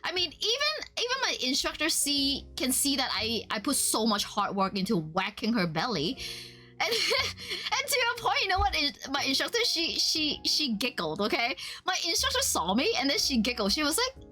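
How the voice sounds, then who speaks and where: A woman streamer chatting casually while she draws, telling a story in an animated way with frequent laughter. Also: high-pitched, moderate pace, soft background music. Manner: animated storytelling, laughs often, voices quotes.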